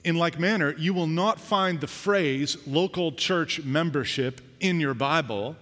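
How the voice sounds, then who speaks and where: A man's voice: on the high side, a little slow, fairly bright tone. Male pastor, conversational sermon delivery, raised voice, reverberant sanctuary. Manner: conversational preaching with acted-out anecdotes.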